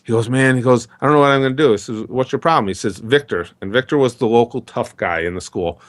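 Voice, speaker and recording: A man's voice: medium pitch, fast talker. A middle-aged man talking in a casual interview, telling rambling stories and acting out the dialogue. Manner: chatty, rambling storyteller who acts out dialogue. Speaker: interview guest.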